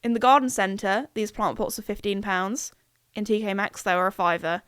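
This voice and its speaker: Chatty young woman, smooth voice. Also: normal speed, a bit bright, dry recording, studio quality. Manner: chatty, self-mocking, acts out her own quoted remarks in higher voices. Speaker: podcast host. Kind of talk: casual storytelling monologue.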